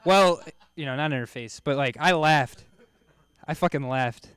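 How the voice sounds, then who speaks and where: A man's voice: a little high, moderate pace, fairly bright tone, clean tone, no echo. A man doing a loose, self-mocking stand-up set on a comedy club stage, laughing at his own jokes.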